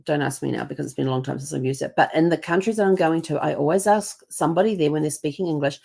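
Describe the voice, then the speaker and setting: A woman's voice: low voice, quick pace, creaky, warm tone, slightly rough. A woman hosting her channel, talking casually and chattily with many fillers. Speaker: channel host. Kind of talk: casual talk to camera.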